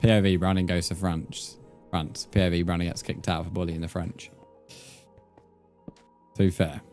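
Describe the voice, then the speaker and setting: A man's voice: low voice, flat delivery, moderate pace, darkish tone. A young English man streaming a game, chatting casually and joking with his viewers, with faint music behind him. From England. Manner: chatty, joking, swears freely, reads chat aloud. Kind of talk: casual live-stream chat while gaming.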